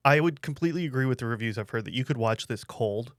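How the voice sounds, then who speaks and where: A man co-hosts a casual podcast chat, his voice smooth and resonant and close to a dry microphone. He lays out his thoughts in a measured, articulate way. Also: medium pitch, animated, a bit bright, dry recording. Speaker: podcast co-host.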